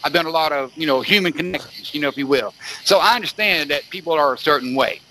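A high-pitched man hosts a podcast and rants emphatically. His bright, forceful tone keeps pressing the same points, and he swears constantly. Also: quick pace, slight background noise. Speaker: podcast host. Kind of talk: profane ranting podcast chat.

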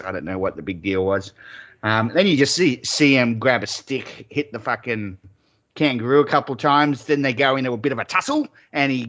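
A man's voice: mid-range voice, highs cut off. A man co-hosting a podcast, telling stories in crude, casual banter and swearing freely. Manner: swears a lot, animated storytelling with mock shouts. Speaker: podcast co-host.

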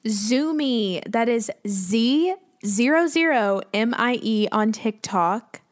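Young woman, slightly high voice, podcast co-host, playful banter. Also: lively intonation, takes it slowly. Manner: playful, jokey asides. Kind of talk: casual podcast chat.

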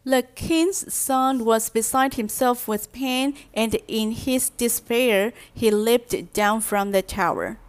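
A woman teaching vocabulary through a storybook, reading each line slowly and then translating and explaining it. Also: a little high, clear, resonant tone. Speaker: English teacher. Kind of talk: bilingual storybook lesson.

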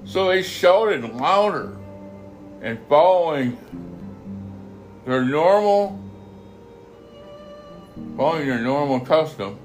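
A man reading a Bible passage aloud, halting often to repeat and correct his phrases. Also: on the high side. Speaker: scripture reader.

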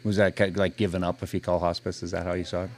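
A man's voice: sits low, flat delivery, fast, slight background noise. A man hosting a podcast, asking short, encouraging questions in a casual interview. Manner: brief, encouraging back-channel questions. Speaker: podcast host.

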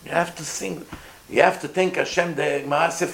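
A rabbi gives an informal Torah class to a live group, animated, asking the listeners questions and acting out voices. His voice is a little high with vocal fry, and he talks fairly quickly. The room is echoey, with faint noise.

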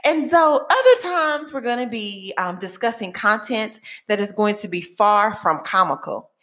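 Lively podcast host woman from Texas. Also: mid-range voice, measured pace. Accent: Texan. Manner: lively, playful, emphatic. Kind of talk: enthusiastic podcast intro.

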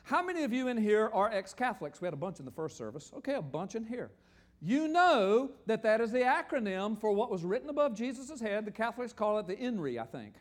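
An older man preaching a sermon, animated and joking, often asking the audience questions. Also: high-pitched, fairly quick. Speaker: pastor. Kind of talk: sermon teaching with slides.

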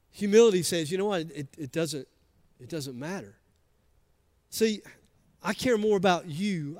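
A man with a Southern US accent preaching a sermon, chatting with the congregation between soft asides and loud emphatic lines. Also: a little high. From American South. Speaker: pastor.

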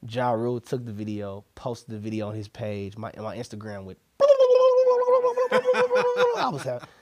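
A young man telling a story in casual chat, animated, laughing and acting out what people said. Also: lowish voice, fairly quick, heavy background noise. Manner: animated, laughing, acts out quotes.

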